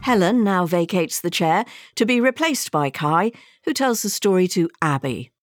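Wry woman narrator, lively pitch. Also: normal speed, no room sound, soft background music. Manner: wry, teasing comments between segments. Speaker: show narrator. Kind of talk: scripted narration.

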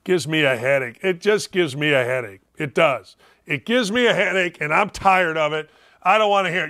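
An older man hosting sports talk radio, ranting in a loud, mocking way, often dropping low and slowing down for emphasis. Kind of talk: opinionated sports talk rant.

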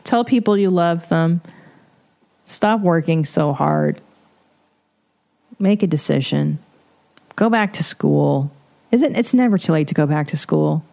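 Middle-aged woman host, gravelly and darkish, blunt, swears freely, casual solo podcast rambling. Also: sits low, lively intonation, slow pace, long pauses, warm tone.

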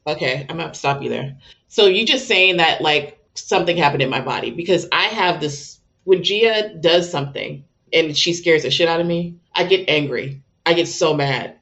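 A woman's voice: low voice, moderate pace, a bit bright, dull audio. A woman speaking as a guest and parenting coach, candid and emotional, who acts out her own exasperated outbursts. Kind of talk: candid conversational interview.

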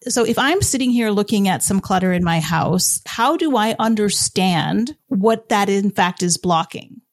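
A woman's voice: medium pitch, lively intonation, a little slow, no echo, studio quality. A woman hosting a podcast, asking curious follow-up questions of her guest. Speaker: podcast host. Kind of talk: podcast interview.

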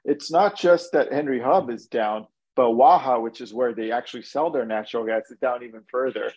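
A man, a guest energy analyst, explaining markets in a brisk, analytical way with frequent restarts, heard over a video call. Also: medium pitch, darkish tone, husky, dull audio. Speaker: senior oil and gas analyst, guest. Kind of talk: expert commentary.

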